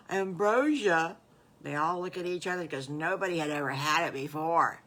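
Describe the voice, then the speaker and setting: An older woman with a Southern US accent telling her own made-up story in a homey, folksy, unhurried way. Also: low voice, steady tone, fairly bright tone. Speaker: storyteller grandmother. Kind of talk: improvised bedtime storytelling.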